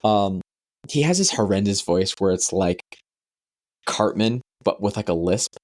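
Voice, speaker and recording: A young man rambles through a story on a podcast, cursing freely and jumping into squeaky voices. His pitch swings widely as he talks. The mic sound is dry and close, with no room echo. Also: expressive, a little slow, darkish tone. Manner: profane, rambling storyteller who bursts into high-pitched voices. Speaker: podcast co-host. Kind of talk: casual chat.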